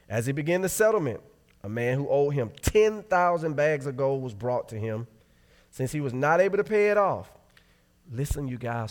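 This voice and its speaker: A man preaching a sermon, reading Scripture aloud and breaking off to explain it, shifting from loud exclamations to quiet asides. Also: mid-range voice. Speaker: pastor. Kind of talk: sermon Bible teaching.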